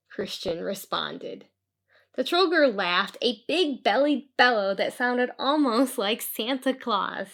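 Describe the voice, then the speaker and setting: A woman reading a children's picture book aloud, telling the story clearly and expressively. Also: a little high, big pitch swings, takes it slowly, a bit bright. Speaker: storybook reader.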